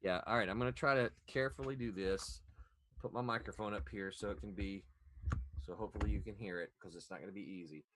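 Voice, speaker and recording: A man from Florida co-hosting a casual podcast chat, telling stories in a rambling, animated way full of restarts. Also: on the low side, fast, slight background noise. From Florida, USA. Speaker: podcast co-host.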